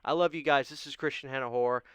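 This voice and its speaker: Speaking quickly with fairly even intonation and medium pitch, a horror vlog host makes an emotional, pleading rant and keeps asking "okay?" The studio microphone gives a clear, resonant, dry recording.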